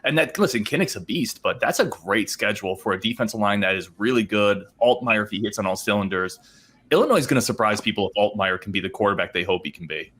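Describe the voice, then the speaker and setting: Fast-talking low-voiced man. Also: fairly bright tone. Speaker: podcast guest. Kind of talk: casual panel chat.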